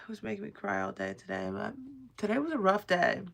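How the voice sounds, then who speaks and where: Gravelly-voiced woman chatting on a livestream. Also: medium pitch, brisk. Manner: rambling and profane, chatting to her viewers. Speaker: live streamer. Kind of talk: casual livestream chat to viewers. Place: at home, crafting.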